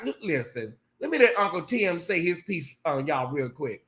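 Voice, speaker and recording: A man hosting a casual late-night live chat, animated and blunt, swearing freely and talking straight to his viewers. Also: fairly high pitch, moderate pace, hardly any pauses, roomy sound. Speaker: host.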